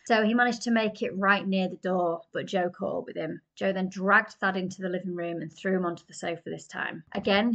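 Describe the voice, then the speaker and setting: Woman, true crime narration, casual asides, gravelly fry, lowish voice. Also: a bit bright, lo-fi sound. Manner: conversational, with fillers and personal asides. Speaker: true crime podcast host.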